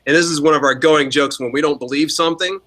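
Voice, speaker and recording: A man co-hosting a casual podcast, riffing through stories with heavy swearing and sudden mimicked voices. His voice sits a bit high for a man and sounds bright and forceful. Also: quick pace. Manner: profane, animated storytelling with mimicked quotes. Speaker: podcast co-host.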